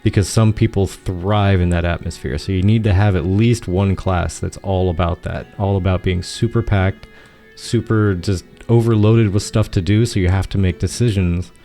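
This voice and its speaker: A man's voice: low-pitched, fairly even intonation, moderate pace, warm tone, faint music behind. A man co-hosting a casual gaming podcast, talking at length and restarting his sentences as he explains. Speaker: podcast co-host.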